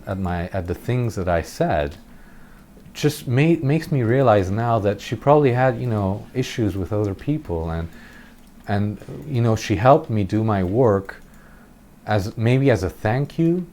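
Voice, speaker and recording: A man's voice: fairly low pitch, a little mellow, slight background noise. A man telling a rambling childhood story while commentating gameplay, chuckling at himself now and then. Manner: rambling, chuckling, self-deprecating. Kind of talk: casual storytelling over gameplay.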